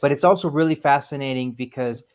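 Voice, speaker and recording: Guy hosting a loose podcast chat, mid-pitched, rambly and lively, laughs a lot. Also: fast. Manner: rambling, animated, laughs often. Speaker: podcast host. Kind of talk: casual group chat.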